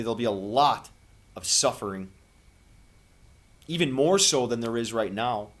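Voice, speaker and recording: A man giving an impassioned spiritual monologue to camera as a vlogger, earnest and preachy, with long dramatic pauses. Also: mid-range voice.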